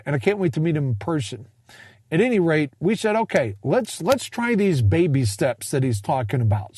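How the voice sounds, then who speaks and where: Man in his forties, somewhat high voice, chatty and self-mocking, wanders off topic in a dry, close recording. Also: a little mellow, dry recording. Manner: rambling, jokey, self-deprecating asides. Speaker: speaker sharing a personal finance story. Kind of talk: casual monologue talk.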